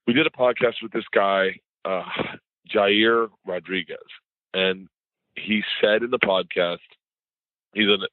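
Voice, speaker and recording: A middle-aged man, a comedian guest at home, telling rambling, animated stories in a casual interview. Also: fairly low pitch, no echo. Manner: rambling, animated storyteller who mimics others in conversation. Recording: tinny phone-like line.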